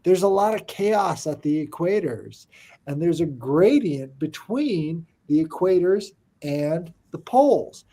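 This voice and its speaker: A man with a somewhat high, mellow voice talks in an easy conversation. He lays out sweeping ideas with emphasis and keeps checking that the other person follows him. The tone is relaxed and warm rather than bright. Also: slow pace. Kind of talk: casual chat.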